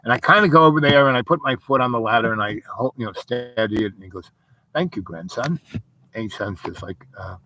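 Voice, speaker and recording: Rambling man with a bright voice. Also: medium pitch, quick pace, few pauses, a little hiss or hum, poor audio. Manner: meandering, full of fillers and asides. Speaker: storyteller. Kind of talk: rambling personal dream story.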